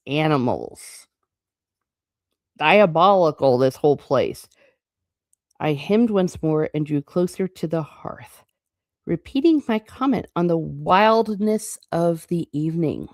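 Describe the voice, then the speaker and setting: A woman's voice: low voice, animated, a little mellow, no room sound, clean studio sound. A woman reading a classic novel aloud, stopping often for chatty, playful asides. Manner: chatty asides between passages, quick and playful. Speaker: book reading channel host.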